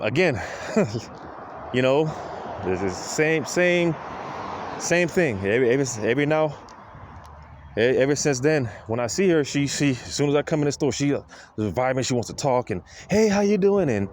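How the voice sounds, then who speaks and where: A man talking to fellow men in a casual, rambling monologue, with many restarts and repeated "you know". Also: medium pitch. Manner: repetitive, halting, lots of restarts and "you know". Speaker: speaker addressing fellow men. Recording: background street noise.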